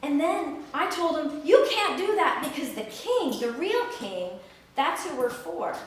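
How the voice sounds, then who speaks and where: Play it as a woman putting on a tiny, tricky male rabbit in a children's story: polite and a little breathless, pitched up high, and heard from a distance in a very echoey room. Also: very animated, a little slow, slight background noise. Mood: sly. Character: small clever male rabbit, polite and sly. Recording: echoey sanctuary from far off.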